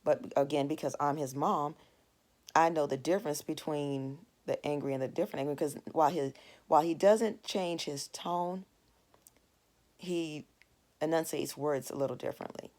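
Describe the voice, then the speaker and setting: A woman's voice: low voice, fairly even intonation, moderate pace, a little mellow. A woman in her forties teaching a devotional Bible lesson in a conversational, earnest way, telling a family story to make her point. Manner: earnest, storytelling with plain everyday asides.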